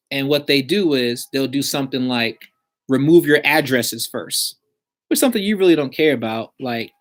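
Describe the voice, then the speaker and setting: A man giving blunt, slangy advice in a casual vlog about credit repair. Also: medium pitch.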